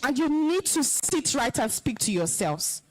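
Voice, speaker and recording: Nigerian woman speaker, high-pitched and emphatic, stern alumna lecturing students on discipline. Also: sing-song, a little slow, a little mellow, rough recording. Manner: scolding, commanding, emphatic. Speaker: alumna guest speaker, compere. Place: school hall, live event.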